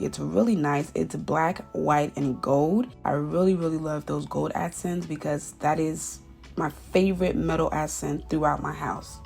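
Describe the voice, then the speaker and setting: A woman's voice: sits low, normal speed, creaky. A woman chatting casually as she narrates her home decorating, often repeating words for emphasis. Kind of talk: casual voice-over vlog. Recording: soft background music.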